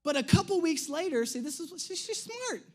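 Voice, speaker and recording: A man in his thirties, a pastor, telling a humorous personal story in an animated, self-mocking way during a sermon. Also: very high-pitched, fairly quick. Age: 30s. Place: church stage.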